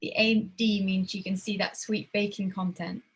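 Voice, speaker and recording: A woman voicing a laid-back young female housemate with a raspy French accent, teasing as she speaks. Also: medium pitch, level tone, normal speed.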